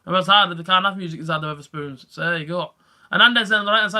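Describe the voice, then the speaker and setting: Bright high-voiced young man doing live match reaction. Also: steady tone, very fast. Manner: rambling and chatty, livening up at big chances. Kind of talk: live football reaction commentary, chatting with viewers.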